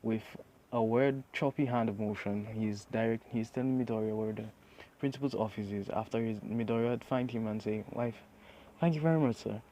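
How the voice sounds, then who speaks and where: A man's voice: lowish voice, steady tone, normal speed, warm tone. A man narrating an improvised fan story, rambling with many restarts.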